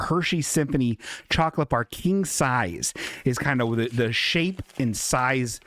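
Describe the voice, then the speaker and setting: A man's voice: medium pitch, fairly bright tone, dry recording, clean studio sound. A man hosting a comedic live-stream show who talks in a rambling, flustered, jokey way. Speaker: host.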